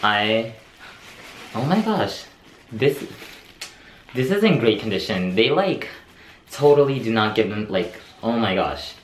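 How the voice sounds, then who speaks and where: A young man gushes through a casual unboxing vlog, breathless and tripping over his own words. His voice sits a little low, and the echoey room carries a faint hum of ambience. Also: expressive, slow, long pauses. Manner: gushing, breathless, repeats words, trails off. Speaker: vlogger unboxing a handbag.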